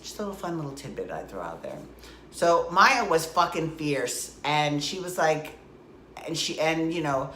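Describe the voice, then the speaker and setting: A woman's voice: sits low, a bit bright, echoey room, a little hiss or hum. A woman vlogger giving a casual, opinionated recap of a soap opera, full of chatty asides.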